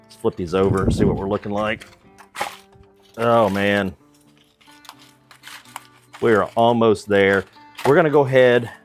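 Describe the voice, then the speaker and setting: Male barbecue vlog host, lowish voice, relaxed and enthusiastic, recorded outdoors in the snow, faint music behind. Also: slow, long pauses. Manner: relaxed, enthusiastic, chuckles often. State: cold from the weather. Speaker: barbecue cooking channel host. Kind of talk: casual cooking vlog.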